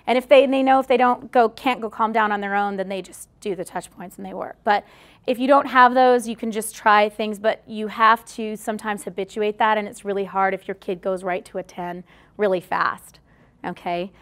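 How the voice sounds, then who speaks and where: A woman's voice: medium pitch, fairly even intonation, moderate pace, a bit bright. A woman giving a live talk to an audience, speaking directly and chattily and often checking in with "okay?". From Australia. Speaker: speaker at a workshop.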